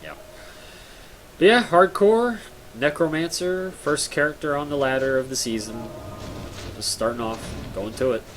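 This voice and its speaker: A man's voice: mid-range voice, a bit bright, a little hiss or hum. A tired young man chatting casually and self-mockingly to viewers while streaming a game, rambling and joking at himself. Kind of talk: casual live-stream chat.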